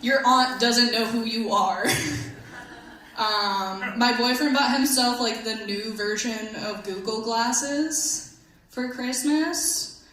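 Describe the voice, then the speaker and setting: Young female stand-up comic, slightly high voice, deadpan self-deprecating delivery, stage mic in a very echoey room. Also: slow pace. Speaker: stand-up comedian. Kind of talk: stand-up comedy set. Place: comedy club stage. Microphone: handheld stage mic. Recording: echoey club room, faint hum.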